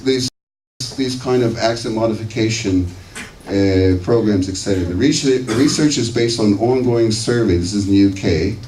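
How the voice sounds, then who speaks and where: A man in his sixties from the United States, with a lowish, slightly mellow voice, gives a conversational conference lecture in a lecture hall, checking in with listeners using "okay" and "right." The hall is echoey, the mic distant, and there's a faint hiss.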